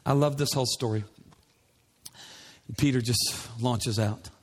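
A man's voice: medium pitch, a little slow. A male pastor preaching a sermon in a church, emphatic, with many repeated rhetorical questions.

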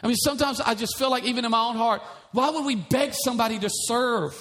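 A man's voice: extremely high pitch, fast talker, a bit bright. A male pastor preaching a sermon in a church, emphatic, with many repeated rhetorical questions.

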